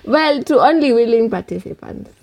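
A young woman with a Kenyan accent hosting a casual podcast chat, animated and swearing freely. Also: fairly high pitch, moderate pace. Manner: animated, swears freely, mixes English and Sheng. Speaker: podcast host.

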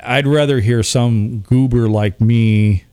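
A man's voice: medium pitch, steady tone, slow, warm tone, clean tone, no echo. A man, a radio DJ chatting casually as a podcast guest, rambling and poking fun at himself. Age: 40s. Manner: rambling, self-mocking, chuckles often.

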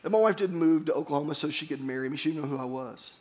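A man's voice: a little high, very fast, a little mellow. A man pastor preaching a sermon, earnest and storytelling, calling on the congregation to repeat phrases after him.

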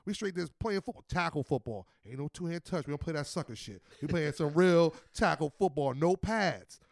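High-voiced man spinning street stories. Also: moderate pace, gravelly, no room sound, studio quality. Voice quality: animated, acts out quotes. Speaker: podcast host. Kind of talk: casual storytelling.

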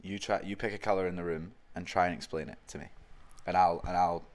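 A man's voice: deep voice, fairly even intonation, fast. A young man, co-hosting a casual podcast chat and joking around. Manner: laid-back, joking, puts on silly voices. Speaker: podcast co-host.

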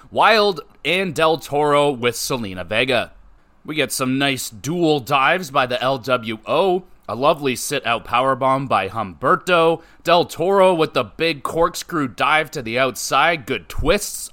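Male podcast host, middle pitch, casual conversational recap with quick verdicts. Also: sharp tone. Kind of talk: casual wrestling show recap.

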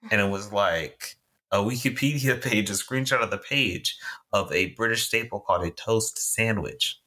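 A woman's voice: a bass voice, moderate pace, bright, forceful tone. A young woman from Houston, co-hosting a casual chat in a playful, teasing way. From Houston, Texas. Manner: playful, teasing, laughs often. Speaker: podcast co-host.

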